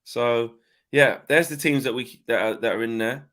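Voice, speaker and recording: A man's voice: mid-range voice, normal speed, fairly bright tone. A man ranting and repeating himself as co-host of a live fan reaction chat on a video call.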